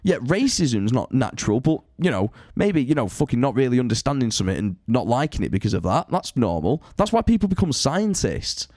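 A man's voice: medium pitch, sing-song, brisk, hardly any pauses, a little mellow, no echo, studio quality. A man co-hosting a podcast, ranting in sweary, casual chat. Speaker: podcast co-host.

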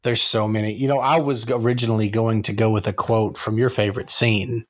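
A man's voice: fairly low pitch, fairly even intonation, a little fast. A man co-hosting a movie review podcast, chatting casually and laughing as he retells scenes. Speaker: podcast co-host.

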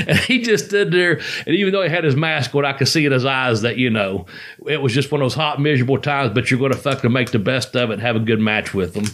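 A man's voice: mid-range voice, brisk, fairly bright tone. A man in casual conversation, telling rambling, profane stories and laughing as he goes. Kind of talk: casual storytelling chat.

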